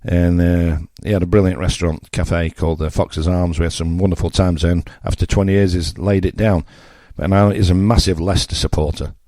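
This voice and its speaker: Blunt older English radio presenter, low and dry. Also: male voice, steady tone, brisk, hardly any pauses, dark tone, dry recording. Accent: Yorkshire English. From England. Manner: blunt, mocking, conversational with asides. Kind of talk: opinionated radio monologue.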